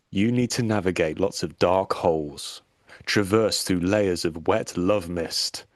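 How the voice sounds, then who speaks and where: A man putting on a slow, suggestive voice as the narrator of an adult video blurb. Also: deep voice, no echo, clean studio sound.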